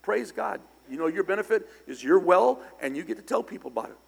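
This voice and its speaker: An older man preaching a storytelling sermon, speaking conversationally with sudden loud, emphatic bursts. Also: sits high, expressive, a little fast, creaky, breathy edge. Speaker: pastor. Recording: long church hall reverb.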